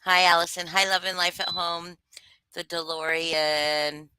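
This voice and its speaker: Bright-voiced woman teasing her livestream chat. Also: lowish voice, level tone, a little slow, clear, resonant tone, dry recording. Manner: jokey, greets viewers by name, mock-rude teasing. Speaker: livestream host greeting chat.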